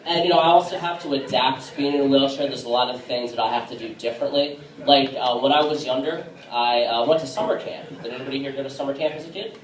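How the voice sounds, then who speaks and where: A man performing a casual stand-up set on a bar stage, with a halting delivery full of fillers. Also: mid-range voice, noisy background. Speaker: stand-up comedian. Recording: echoey room from a distance.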